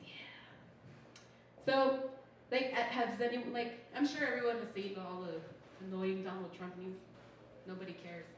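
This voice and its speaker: A young woman from Utah doing a stand-up comedy set, chatty and sarcastic, with "like" in almost every sentence. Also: mid-range voice. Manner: chatty, sarcastic, says "like" constantly. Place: small comedy show venue. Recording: echoey room from far off with noise.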